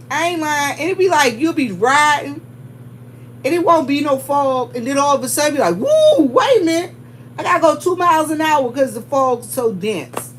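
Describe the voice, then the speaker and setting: A chatty middle-aged woman with a high voice tells a long story straight to her viewers. She keeps it animated, laughing and checking in with them, while a faint hum sits under the recording. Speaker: vlogger.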